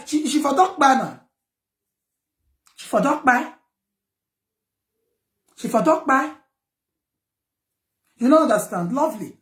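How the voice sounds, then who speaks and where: Scolding Nigerian woman, high-pitched. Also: roomy sound. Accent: Nigerian Pidgin. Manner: defiant, scolding, repetitive. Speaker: vlogger. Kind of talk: heated personal rant to viewers.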